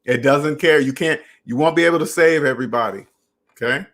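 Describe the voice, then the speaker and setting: A man's voice: fairly high pitch, brisk, fairly bright tone. A young adult man hosting a casual personal finance live stream, talking straight to viewers and repeating phrases for emphasis.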